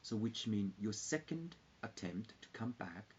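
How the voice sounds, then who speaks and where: A man rambling in a loose, halting live-stream chat with viewers, full of fillers and restarts. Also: on the low side, expressive, slight background noise. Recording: dull lo-fi recording.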